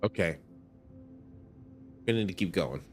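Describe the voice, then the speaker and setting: A man's voice: sits low, expressive, a little slow, soft background music. A man doing let's play commentary, chatty and self-mocking as he talks himself through the game. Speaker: gaming streamer.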